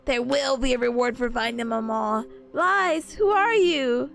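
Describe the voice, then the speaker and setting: A woman's voice: fairly high pitch, measured pace, gravelly, fairly bright tone. A woman streamer chatting playfully and giggling as she reads game text aloud.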